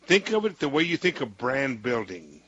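Talk show host guy, bright husky voice, keeps restarting his sentences and cutting in, dry dull sound. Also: medium pitch, big pitch swings, normal speed, no room sound. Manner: rambling, many restarts, cuts in. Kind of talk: interview.

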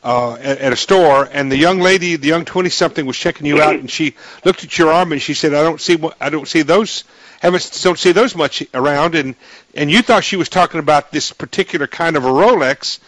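A man's voice: fairly high pitch, fairly quick, a bit bright, dry recording, poor audio. A man hosting a radio talk show, chatty and folksy, laughing easily with his guest.

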